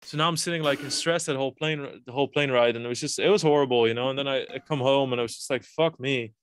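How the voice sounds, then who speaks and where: A man's voice: medium pitch, rapid-fire, smooth, dry recording. Casting: thirties guy, podcast guest, rambly storyteller, cursing, very dry close sound. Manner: rambling, frequent restarts and swearing. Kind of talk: casual storytelling.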